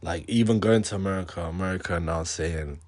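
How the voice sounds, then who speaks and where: A young man, casually telling an animated, slang-filled story with laughter. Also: low-pitched, fairly quick.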